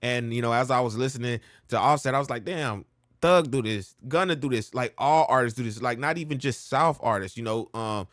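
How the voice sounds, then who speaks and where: A man's voice: mid-range voice, a little fast, a bit bright, dry recording, studio quality. A man giving a laid-back, slangy rap coaching lesson, often checking in with "all right?". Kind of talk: casual music lesson with rap demos.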